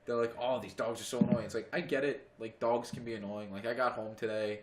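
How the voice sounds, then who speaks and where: A podcast co-host talks casually in a friend's home, in a fast, steady, mid-range voice. The recording is reverberant and very noisy. He rambles, says "like" constantly, and swears freely.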